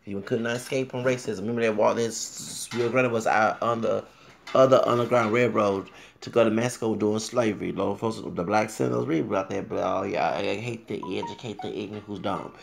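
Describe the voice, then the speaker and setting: A man ranting to his viewers in a vlog, swinging between loud outbursts and low muttering, often repeating himself and talking straight to the audience. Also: steady tone, fairly quick, creaky, slight background noise. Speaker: vlogger.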